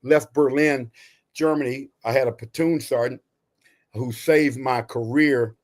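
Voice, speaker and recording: A man in his sixties from Texas, a retired Army veteran, telling his story in a podcast interview in an animated, folksy way. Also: mid-range voice, a little slow. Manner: animated, folksy, says "you know" and "right?" often.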